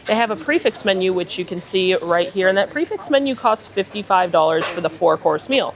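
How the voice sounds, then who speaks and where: Her voice sits on the low side and moves briskly as she hosts a relaxed food vlog, upbeat and chatty about each dish. Music plays in the background alongside the crowd chatter of a cruise ship.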